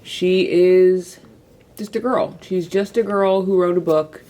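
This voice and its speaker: A woman's voice: on the low side, fairly even intonation, slow pace, mellow, reverberant, slight background noise. Rambling chatty young woman. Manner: chatty, rambling, heavy use of "like". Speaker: book vlogger. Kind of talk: casual chat to camera.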